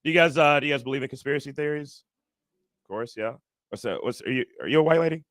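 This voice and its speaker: A man doing a stand-up comedy set on stage, animated and acting out other people's voices. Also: fast, dry recording. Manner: animated, acts out other people's voices with big jumps in pitch. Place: comedy stage before a live audience.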